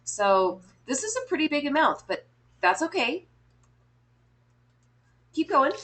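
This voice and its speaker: A woman's voice: high-pitched, sing-song, slow pace, a bit bright. A young woman teaching a small class, encouraging and chatty with frequent ums. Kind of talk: classroom lesson.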